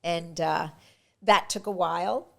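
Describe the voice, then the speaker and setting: A woman's voice: on the low side, measured pace, creaky. Woman recounting an acting audition. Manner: lively anecdotal, frequent restarts. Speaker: actress guest. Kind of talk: casual interview storytelling.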